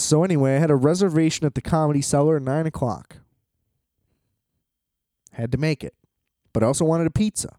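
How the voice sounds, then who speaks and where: A man's voice: on the high side, a little fast, long pauses, dark tone, dry recording, clean studio sound. A man ranting casually about travel hassles, exasperated and profane, laughing often as he talks.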